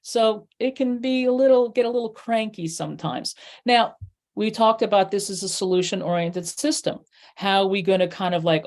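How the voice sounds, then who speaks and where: A woman's voice: mid-range voice, normal speed, a little mellow. A middle-aged woman teaching a numerology workshop in a chatty way, full of fillers and playful acted-out asides. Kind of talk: workshop lesson.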